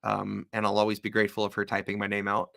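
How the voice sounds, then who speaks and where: Bright-voiced laid-back man. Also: on the low side, monotone, fast talker, gravelly, dry recording, studio quality. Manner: laid-back, self-mocking, frequent fillers. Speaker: musician co-host. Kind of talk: casual chat.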